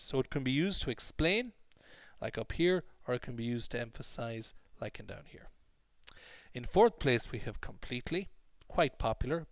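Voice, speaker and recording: A man's voice: mid-range voice, no room sound. A man with an English accent teaches vocabulary, stressing words firmly and repeating examples for learners. His voice sits in a middle register and is recorded close to the mic with a dry, roomless sound. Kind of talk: explanatory online lesson.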